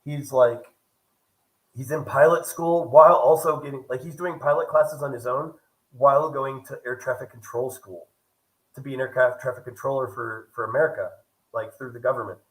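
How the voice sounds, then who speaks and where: At a moderate pace and medium pitch, a young travel vlogger narrates a story in an animated, casual way, voicing the other people's lines himself. It's a rough recording.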